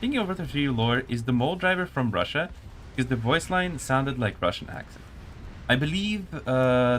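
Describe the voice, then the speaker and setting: Lively casual man hosting a game stream. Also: medium pitch, slight background noise. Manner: casual, answers chat while spectating a match. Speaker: community manager. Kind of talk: live stream commentary and chat replies.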